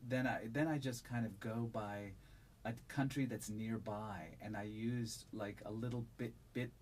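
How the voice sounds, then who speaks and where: A man who narrates audiobooks, answering interview questions in a relaxed, thoughtful way with a resonant voice and frequent fillers. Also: on the low side, measured pace, slight background noise. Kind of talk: conversational interview.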